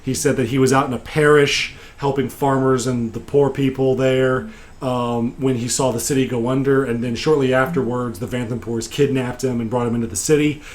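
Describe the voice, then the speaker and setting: A man recapping a tabletop game session as its game master, telling the story casually with frequent pauses and fillers. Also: medium pitch, fairly even intonation.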